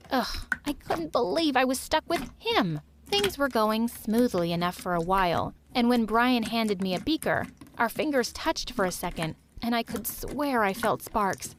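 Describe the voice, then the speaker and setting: A woman narrating a first-person story in a lively, expressive storytime style. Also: a little high, measured pace, hardly any pauses, background noise.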